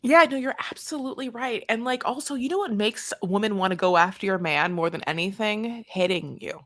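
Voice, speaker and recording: A woman co-hosts a casual podcast in a mid-range, slightly bright voice, talking a little fast. She thinks out loud with fillers and restarts before settling on firm opinions.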